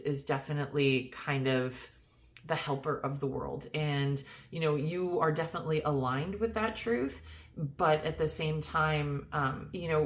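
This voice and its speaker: A woman giving a casual tarot card reading, chatty and reassuring, talking straight to the viewer with many fillers and restarts. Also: sits low. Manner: reassuring, speaks directly to viewer. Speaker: tarot reader.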